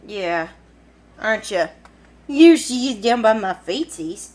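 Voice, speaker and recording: A woman's voice: mid-range voice, animated, takes it slowly, a little mellow, low-quality recording. A woman with a Kentucky accent, chatting and giggling casually as she cooks in her home kitchen for a cooking vlog. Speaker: cooking vlogger.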